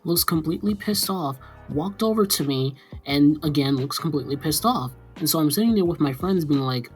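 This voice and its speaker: Over soft background music, a young storytime vlogger rattles through a casual tale with few pauses. His fairly high voice is animated and quick, and his telling is sarcastic, rambling and loaded with fillers.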